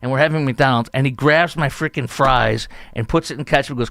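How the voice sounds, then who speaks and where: A man's voice: mid-range voice, fast talker, few pauses, dry recording. A middle-aged man from the Chicago area hosting a podcast, talking through news stories in a chatty, storytelling way. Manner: chatty, animated storytelling with acted-out quotes. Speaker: podcast host. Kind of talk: opinion talk show monologue.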